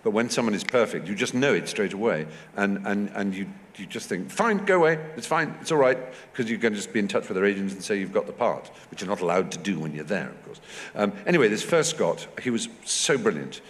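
An English man in his fifties telling anecdotes at a festival talk, lively and animated, slipping into high voices to act out what people said. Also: fairly quick. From England. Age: 50s. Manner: animated storyteller, acting out quotes with high squeaky voices. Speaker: guest speaker. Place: large festival hall. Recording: echoey hall recording.

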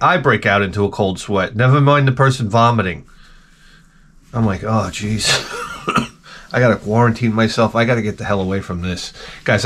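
A man's voice: fairly low pitch, fairly bright tone. A middle-aged man telling rambling, self-mocking stories with casual swearing as a video host.

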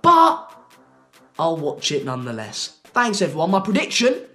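Joking football presenter. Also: male voice, high voice, sing-song, measured pace, pushed and bright, soft background music. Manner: joking, rambling. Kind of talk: casual self-recorded prediction.

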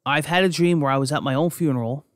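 A young New Jersey man hosts a podcast, telling personal stories in a rambling, profane way full of restarts. His voice is fairly high and he talks fast, with no room sound and studio quality.

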